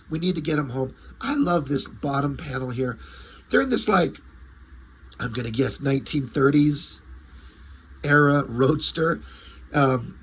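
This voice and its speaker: A man retells and reviews a comic in a loose, excited ramble. His voice is bright and a little husky and sits slightly high. He gushes over the art and writing. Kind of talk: casual enthusiastic comic review.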